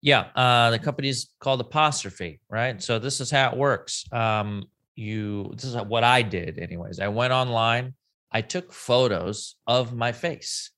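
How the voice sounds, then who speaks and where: A man's voice: mid-range voice, unhurried, pushed and bright. A man co-hosting a podcast, chatting casually with friends in a jokey, teasing way and reading an ad. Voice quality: jokey, teasing, laughs often. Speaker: podcast co-host. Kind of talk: casual chat with friends, ad read.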